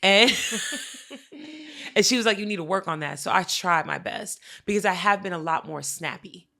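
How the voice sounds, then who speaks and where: A woman's voice: mid-range voice, unhurried, vocal fry. A woman co-hosting a podcast, telling a story in casual chat, acting out what people said and swearing freely. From Haitian family. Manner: animated, swears a lot, acts out quotes. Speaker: podcast co-host.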